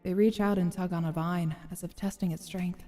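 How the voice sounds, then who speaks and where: A woman streamer reads a story game's narration aloud in a measured, expressive way. Her voice is fairly low and mellow. Faint music plays behind her. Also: long reverb tail. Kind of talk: reading game narration aloud with casual asides.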